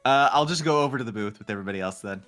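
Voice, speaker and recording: A man's voice: medium pitch, expressive, racing, a bit bright, soft background music. Rambling, giggly male tabletop player. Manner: rambling, hesitant, laughing between phrases. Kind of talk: casual tabletop game chat.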